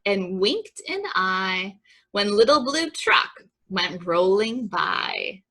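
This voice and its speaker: At a library story time, a woman librarian reads a picture book aloud with rhythm and expression, pausing for chatty asides to the children. She takes her time, in a medium-pitched voice.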